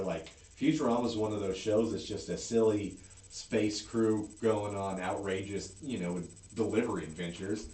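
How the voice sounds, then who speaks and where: Man, deepish voice, casual chatty co-host, roomy echo, distant mic. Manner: swearing, animated storytelling. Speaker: podcast co-host. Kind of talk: casual beer-tasting chat.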